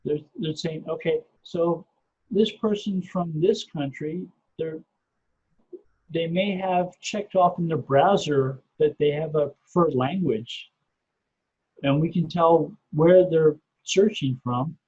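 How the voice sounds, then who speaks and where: A middle-aged man, a podcast guest, explaining things step by step in a measured way and often repeating his first word. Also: fairly high pitch, a little mellow, slightly rough. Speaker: podcast guest, SEO researcher. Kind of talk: casual explanatory interview talk. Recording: muffled lo-fi podcast audio.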